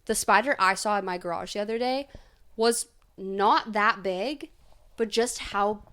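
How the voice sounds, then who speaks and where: A woman's voice: medium pitch, a little slow, fairly bright tone. Young woman rambling through a casual story. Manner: rambling, filler-heavy storytelling with frequent "like". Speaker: podcast co-host. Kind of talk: casual chat.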